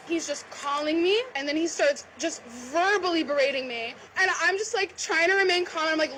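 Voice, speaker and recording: Woman, high voice, animated story, lots of "like", faint background noise. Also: fairly quick, hardly any pauses, poor audio. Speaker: record label owner telling a dating story. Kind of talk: casual storytelling clip.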